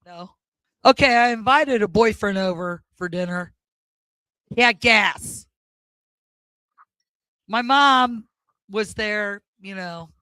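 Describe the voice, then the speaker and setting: A woman's voice: medium pitch, a bit bright, clean tone, dry recording. A woman doing an awkward, self-deprecating stand-up set at an open mic.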